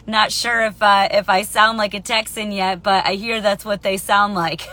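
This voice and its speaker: A woman's voice: mid-range voice, level tone, normal speed, hardly any pauses, pushed and bright. A woman in her thirties hosting a live stream, chatty and upbeat, rambling with many fillers and restarts. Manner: upbeat, greets viewers by name. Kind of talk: casual live-stream talk.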